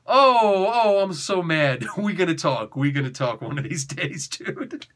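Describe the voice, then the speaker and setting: A man giving an excitable, slangy comic book review, laughing often and dropping into quick impressions. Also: fairly high pitch. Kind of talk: animated comic review rant.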